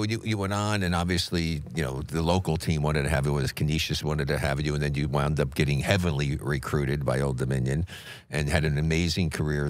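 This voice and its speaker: A man with a very deep voice hosts a casual interview and reacts quickly to his guest. His questions run long and friendly, and the recording is close and dry with no room sound. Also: no echo. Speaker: podcast host.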